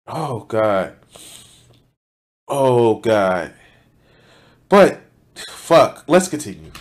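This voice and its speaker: A man streaming himself as he reacts to a video, talking casually and profanely and breaking into sudden loud outbursts. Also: mid-range voice, big pitch swings, slow, long pauses. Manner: reads out donation thanks.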